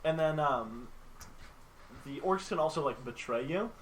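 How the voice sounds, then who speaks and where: A man's voice: on the high side, animated, a little slow, poor audio. A man with a slightly raised voice tells a long game story in loose, casual chat, full of "like" and "um." He talks over a home mic, with a faint hiss of noise behind him. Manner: rambling, filler-heavy storytelling, acts out orc lines. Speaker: podcast host. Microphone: home mic on a live stream call.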